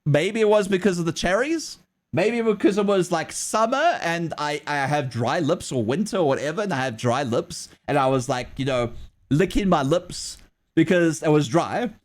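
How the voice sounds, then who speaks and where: A man's voice: on the high side, lively intonation, normal speed. A man streaming live while drawing, chatting casually and telling a story in a rambling way with many restarts. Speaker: livestreamer.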